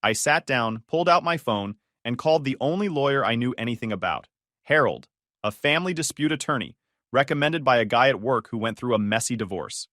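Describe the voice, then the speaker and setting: A man narrating a first-person story in a calm, measured, matter-of-fact way. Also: medium pitch, no room sound, clean studio sound.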